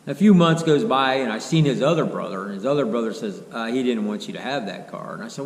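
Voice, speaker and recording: A man's voice: mid-range voice, quick pace, few pauses. A middle-aged man, telling a long rambling story in a casual, folksy way and quoting what others said. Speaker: car restoration vlogger. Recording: roomy echo, faint background hum.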